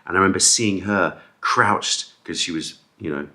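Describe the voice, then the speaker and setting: Very deep-voiced man telling rambling stories. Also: normal speed. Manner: rambling anecdotes with many fillers and restarts; acts out quoted people with raised animated voice. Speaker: vlogger. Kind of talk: casual storytelling vlog.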